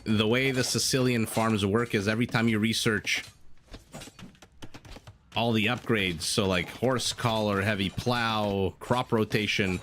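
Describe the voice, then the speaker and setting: A man casting a strategy game on a livestream. He talks in a chatty, joking way and answers his chat between calls of the play. His voice sits on the low side, with a little faint noise behind it. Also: a bit bright. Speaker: game caster. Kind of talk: live esports commentary.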